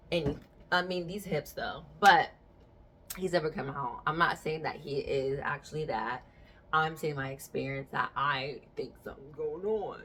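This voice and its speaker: A woman's voice: sits low, fairly bright tone, slight background noise. A young adult woman hosting a podcast, chatting casually and telling stories frankly with bursts of laughter. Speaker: podcast host.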